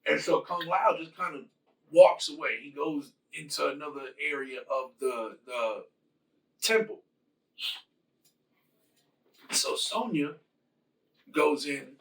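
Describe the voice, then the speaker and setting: A man casually retelling a film's plot in his own words, halting with fillers and restarts as he quotes the characters. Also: a little high, creaky, a bit bright, distant mic, low-quality recording. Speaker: host retelling a film plot. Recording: voice from away from the mic.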